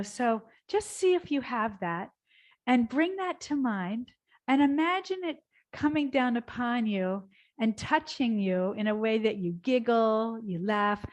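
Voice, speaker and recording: A woman teaching a gentle yoga class, guiding softly and slowly, then bursting into cheers and laughter exercises. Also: on the high side. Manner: soothing and slow, breaking into loud laughter and cheers.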